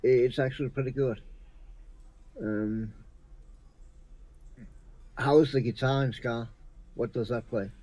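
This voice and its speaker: A man's voice: mid-range voice, fairly even intonation, a little slow, long pauses, mellow, dry recording, poor audio. A middle-aged man chatting casually about music, reminiscing in a plain, easygoing way.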